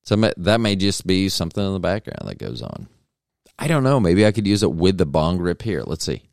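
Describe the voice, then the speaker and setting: A man's voice: sits low, very animated, fairly quick, creaky, a little mellow. A man hosting a solo podcast, rambling through jokes and self-deprecating asides. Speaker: podcast host.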